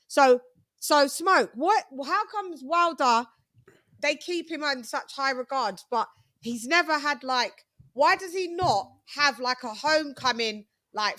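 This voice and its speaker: A woman's voice: sits high, a bit bright, dry recording, studio quality. A British woman hosting a live boxing chat stream, talking casually and reading viewer messages. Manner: chatty, fast restarts, reads super chats. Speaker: boxing channel host.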